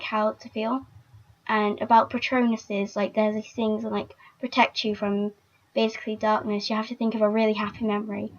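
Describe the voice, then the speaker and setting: A young woman vlogging casually, chatty and emotional, with lots of filler words. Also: medium pitch. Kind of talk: casual fan vlog. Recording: dull lo-fi recording.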